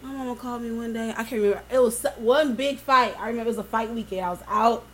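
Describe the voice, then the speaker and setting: A woman co-hosting a casual chat, telling stories in an animated, profane way. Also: a little high, racing. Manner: animated storytelling, swearing freely.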